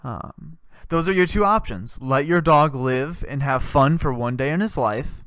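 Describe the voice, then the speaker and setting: High-voiced man ranting sarcastically. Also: lively intonation, unhurried, a bit bright, smooth, dry recording, studio quality. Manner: profane, rambling, sarcastic. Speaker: podcast host. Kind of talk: casual comedic rant.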